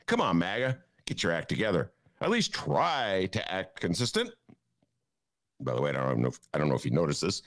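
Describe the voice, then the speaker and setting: A man hosting a political podcast from his attic, riffing in a sarcastic, ranting way. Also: lowish voice. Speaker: podcast host and newspaper columnist. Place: home attic.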